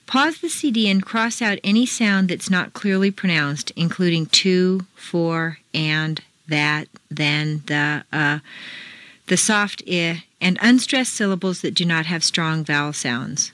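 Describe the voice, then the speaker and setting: A woman teaching pronunciation, reading scripted drills slowly and deliberately, with exaggerated intonation. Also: lowish voice, fairly bright tone, no echo. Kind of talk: scripted accent-training lesson.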